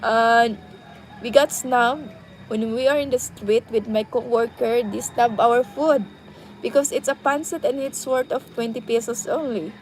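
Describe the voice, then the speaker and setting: Slow, halting Filipino woman with a Cebuano accent. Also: fairly high pitch, a little mellow, a little hiss or hum, rough recording. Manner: halting, searching for words. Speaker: vlogger. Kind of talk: casual personal storytelling.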